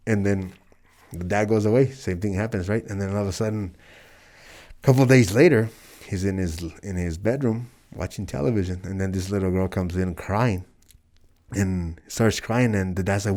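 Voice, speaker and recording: A man in his forties with a lowish voice, from El Paso and Juárez, speaks earnestly as a guest in an interview. He tells stories in a casual way and does the voices of the people in them. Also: moderate pace, darkish tone. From El Paso, Texas and Juárez, Mexico. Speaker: professional wrestler guest.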